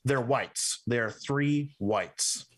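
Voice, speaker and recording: A man serving as game master for a tabletop role-playing session. He speaks slowly and deliberately at a middle pitch, painting scenes piece by piece. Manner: slow, deliberate descriptive narration.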